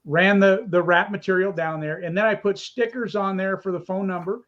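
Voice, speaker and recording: A man's voice: high voice, steady tone, moderate pace, fairly bright tone, dull audio. A man co-hosting a casual live video chat, explaining pictures he is showing on screen. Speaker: co-host.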